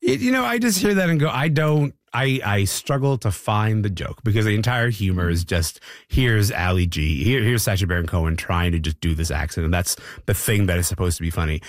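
A man hosting a panel discussion, asking questions in a lively, questioning way. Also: on the low side, fairly quick, hardly any pauses, no echo, clean studio sound. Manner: lively, questioning, animated delivery. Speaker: host.

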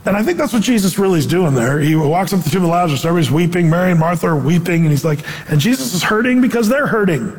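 A man preaching a conversational sermon as pastor, animated and acting out quotes in voices. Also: sits high, rapid-fire, hardly any pauses, in a large hall.

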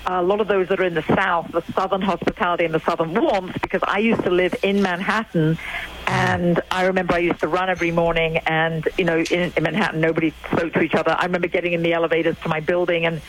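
A woman's voice: fairly low pitch, flat delivery, fast. An older woman from England talks in an emphatic, chatty way and tells stories as she goes. She is heard over a phone line with a faint hiss behind her. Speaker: guest. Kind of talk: call-in radio talk.

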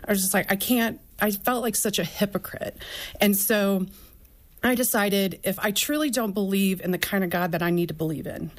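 A woman speaking as a guest, telling her own story of faith and doubt in an earnest, flowing way. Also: lowish voice. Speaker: podcast co-host and author guest. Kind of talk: candid personal faith talk.

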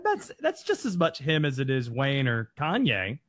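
A man's voice: mid-range voice, huge pitch swings, normal speed, fairly bright tone, dry recording. Joking man co-host, dry close sound. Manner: joking, self-mocking. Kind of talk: casual podcast chat.

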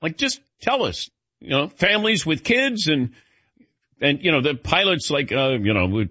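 A man's voice: a little high, sing-song, normal speed, pushed and bright, slightly rough, no room sound, muffled recording. A man hosting a radio show, chatting casually and animatedly telling stories while calling on his cohosts by name. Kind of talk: casual on-air banter.

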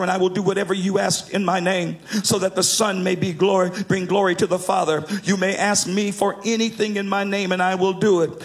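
A man preaching a sermon, emphatic and sometimes lifting his lines into a half-sung cadence. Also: high-pitched.

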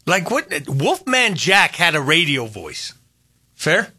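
An older man talks through a radio show with a bright, forceful edge to his husky voice. His pitch leaps around as he tells stories, doubling back on his own phrases. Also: slow pace, no echo, clean studio sound. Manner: animated, storytelling, repeats phrases. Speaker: radio host. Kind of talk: casual radio chat.

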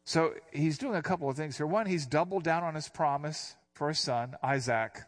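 An older man, a pastor, giving a conversational Bible teaching, reading verses aloud and then explaining them in a relaxed way. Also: on the high side, normal speed. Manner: relaxed and explanatory, reads scripture then unpacks it.

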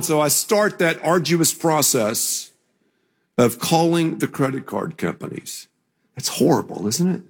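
An older man preaching a sermon as pastor, telling a story in a relaxed conversational way before building to emphatic declarations. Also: on the high side, takes it slowly, slightly rough, long reverb tail.

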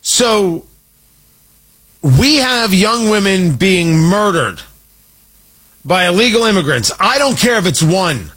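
A man's voice: high-pitched, big pitch swings, slow, pauses often, fairly bright tone, slightly rough, rough recording. A man hosting an opinion show, talking in an indignant, combative, mocking way. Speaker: political commentator host. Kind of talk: opinion monologue.

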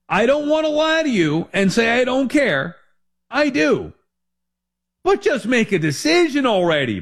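A man's voice: very high-pitched, creaky. A man in his forties hosting a sports talk show, rambling and emphatic as he corrects himself. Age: 40s.

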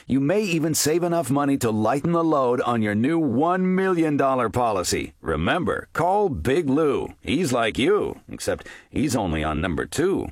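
A man reading a comic radio ad in a brisk, deadpan sales-pitch manner. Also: dry recording, studio quality. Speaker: radio ad announcer.

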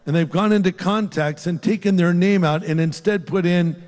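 An older man preaching a sermon and leading an altar-call prayer, earnest and pleading, rising on key phrases and dropping soft to pray. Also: high-pitched, moderate pace. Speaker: pastor. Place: large church hall with a live congregation. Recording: long hall reverb.

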